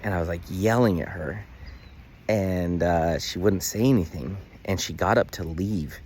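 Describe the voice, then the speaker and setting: A man's voice: low voice, measured pace, a little mellow, slight background noise. A man talking earnestly to his phone camera outdoors in a casual daily vlog, with many fillers. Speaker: vlogger. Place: outdoors in the sun.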